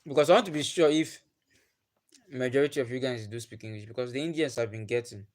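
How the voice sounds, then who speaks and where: This livestream host is a young man from Nigeria whose native tongue is Igbo, and his accent is Nigerian. His medium-pitched voice is slightly mellow and quick as he chats loosely with his audience, often saying the same things again.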